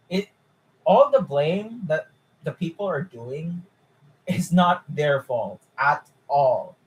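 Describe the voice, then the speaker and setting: A young man chatting casually on a live stream, excitable and incredulous, swearing freely. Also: on the high side, low-quality recording.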